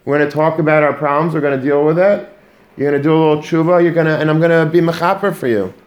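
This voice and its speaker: A man's voice: fairly high pitch, steady tone, fast, close to an everyday voice. A man voicing God as a loving father who calls his son close. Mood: tender. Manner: tender, inviting.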